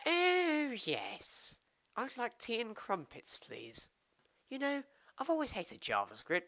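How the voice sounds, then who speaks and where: A man voicing an over-the-top posh British gentleman who loves tea, in an exaggerated posh British accent. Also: wildly swooping pitch, slow, dry recording, exaggerated voice. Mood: jokey posh. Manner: high, plummy, theatrical.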